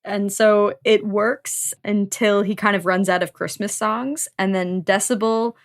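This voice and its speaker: A woman's voice: medium pitch, steady tone, a little slow, gravelly. A woman hosting a book podcast, chatting casually, laughing often and swearing freely. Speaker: podcast host.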